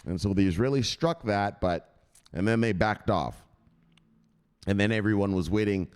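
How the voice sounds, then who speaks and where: A man's voice: moderate pace, clean tone. A man hosting a crypto news channel, talking casually over a chart, swearing freely and mocking imagined viewers. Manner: animated, swears freely, mocks imagined viewers in a high squeaky voice.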